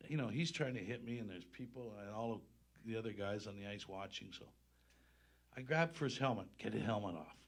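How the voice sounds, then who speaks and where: A man spins animated stories before a live audience, breaking into laughter and putting on voices for the people in them. His voice sits at an ordinary pitch for a man, and he tells it all like a seasoned storyteller. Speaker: guest storyteller.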